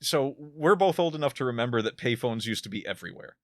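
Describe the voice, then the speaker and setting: A male podcast co-host chatting casually and retelling a novel's plot in loose, rambling sentences full of restarts. His voice is bright and forward, at a middling pitch. The sound is dry and close, with almost no room echo. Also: expressive, fast talker. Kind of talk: casual chat.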